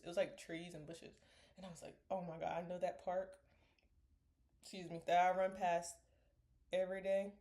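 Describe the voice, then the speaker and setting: A young woman talks straight to her camera in a casual, earnest vlog. She rambles and circles back on herself, sips a smoothie between thoughts, and now and then drops her voice to a whisper. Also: on the low side, darkish tone. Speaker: vlogger. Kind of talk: casual motivational talk to camera.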